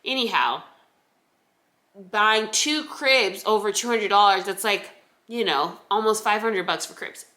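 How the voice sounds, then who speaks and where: Bright chatty young woman vlogging. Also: mid-range voice, animated, unhurried. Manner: chatty, rambling with many fillers and restarts. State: pregnant. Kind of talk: casual chat.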